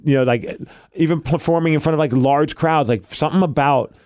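A man's voice: a little high, a little fast. A man co-hosting a podcast, telling a story in casual chat and acting out quotes as he goes. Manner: animated storyteller, acts out quotes. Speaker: podcast co-host.

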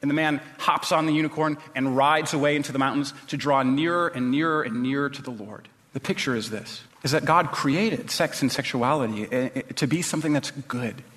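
A man's voice: medium pitch, brisk, few pauses, fairly bright tone, in a large hall. A male pastor preaching a sermon in a conversational way, with some restarts.

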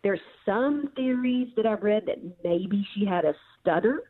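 A woman's voice: mid-range voice, lively intonation, measured pace. Woman guest on a tinny phone line. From central Missouri. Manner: thoughtful storyteller with frequent ums. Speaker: author and guest. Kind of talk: phone interview.

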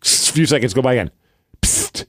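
A man co-hosting a podcast, telling a story in casual chat and acting out quoted lines in a hushed voice. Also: mid-range voice, expressive, a little fast, no echo, clean studio sound. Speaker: podcast co-host.

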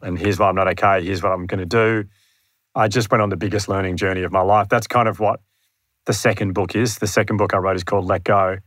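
A man's voice: fairly low pitch, a bit bright, no room sound, studio quality. An Australian man telling his story as a podcast guest, earnest and self-deprecating, often acting out what he thought at the time. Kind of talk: candid storytelling in conversation. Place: room near his home.

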